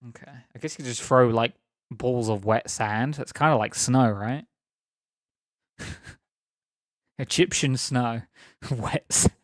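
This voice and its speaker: Man, young adult, streamer, casual rambling chat, mid-pitched voice, dry close sound. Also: slow pace, long pauses, dry recording. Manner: rambling, laughing, teasing chat.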